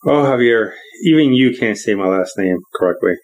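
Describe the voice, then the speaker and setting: A man co-hosting a podcast, teasing the others in quick casual chat. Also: mid-range voice, lively intonation, highs cut off. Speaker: podcast co-host.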